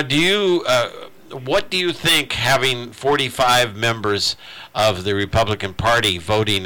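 A man hosting a radio talk show, chatting casually in a halting way with many restarts. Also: mid-range voice, bright, forceful tone. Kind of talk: casual on-air chat.

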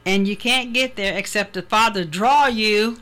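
A woman's voice: mid-range voice, a little slow, background noise. A woman hosting a religious radio talk show, speaking earnestly about faith. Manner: earnest, preachy.

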